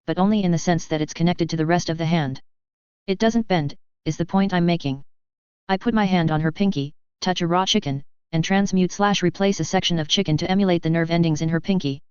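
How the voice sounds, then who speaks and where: A woman's voice: fairly low pitch, darkish tone, clean tone, dry recording. A woman reading first-person fan fiction aloud in a casual, wry way, with dry asides. She speaks close to the mic, and the recording is slightly dull and lo-fi. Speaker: reader.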